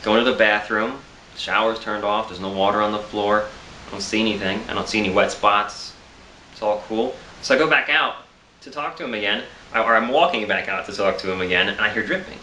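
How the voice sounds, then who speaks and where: A man's voice: fairly low pitch, brisk, bright, forceful tone, reverberant, slight background noise. A tired man telling a rambling, self-amused story in a casual vlog, with frequent laughs and restarts. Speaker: vlogger.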